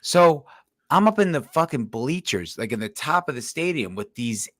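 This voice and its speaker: Podcast co-host, male, mid-pitch, dry close mic; animated swearing storyteller. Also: moderate pace, no room sound. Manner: animated storyteller, swears often, laughs through his telling. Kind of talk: casual chat, storytelling.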